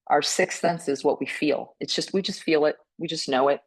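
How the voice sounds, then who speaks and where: A woman speaking on a panel about mental health, gentle and earnest, often tagging her points with a questioning "right?" and restarting her words. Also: deep voice, normal speed, husky, rough recording. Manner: frequent restarts and repeated words. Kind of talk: reflective panel talk.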